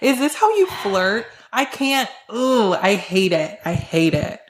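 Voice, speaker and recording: A woman's voice: mid-range voice, lively intonation, slow pace. Exasperated, laughing woman podcast guest. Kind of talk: casual podcast chat.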